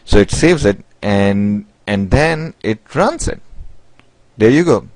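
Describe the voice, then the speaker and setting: With a fairly low pitch and an animated delivery, a programming instructor explains code step by step in a screen-recorded tutorial. He keeps restarting and saying "basically" and "you know." There's no room sound, but the recording is low-quality.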